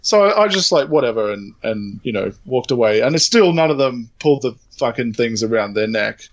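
A man hosting a gaming podcast, casually telling an animated story, acting out the quotes and swearing freely. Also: medium pitch, fairly quick, highs cut off. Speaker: podcast host. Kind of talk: casual chat.

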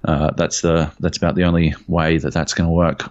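A man co-hosting a casual podcast, jet lagged and animated. His voice sits low, and he swears freely as he tells his stories. The recording sounds dull and lo-fi. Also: brisk. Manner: animated storyteller, swears a lot. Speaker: podcast co-host. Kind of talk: casual chat. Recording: dull lo-fi audio.

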